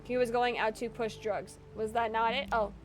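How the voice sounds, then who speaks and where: A young adult woman streaming a game, chatty and thinking aloud, with loud excitable outbursts. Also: a little high, normal speed, faint music behind. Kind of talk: gaming stream commentary.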